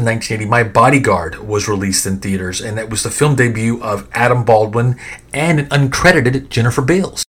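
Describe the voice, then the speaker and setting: A middle-aged man hosting a podcast, telling nostalgic stories in a rambling, animated way full of fillers and restarts. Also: lowish voice. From American South. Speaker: podcast host. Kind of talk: casual nostalgic storytelling.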